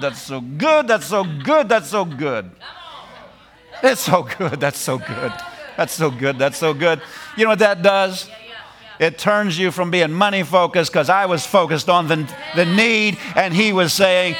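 A middle-aged man preaching a sermon, animated, repeating phrases and laughing as he drives points home. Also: sits high, unhurried, faint music behind.

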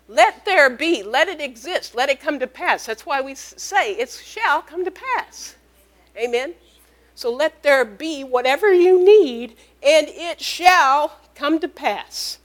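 Woman preacher, high voice, punchy and repetitive, lots of amens. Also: a bit bright. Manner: emphatic, repeats key phrases, calls out amen. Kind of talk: sermon.

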